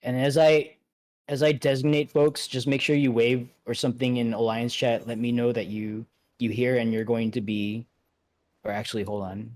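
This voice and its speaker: A man leading an online game raid, giving relaxed instructions with many fillers and restarts. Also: medium pitch, moderate pace. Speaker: raid leader. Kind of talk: casual instructions over voice chat.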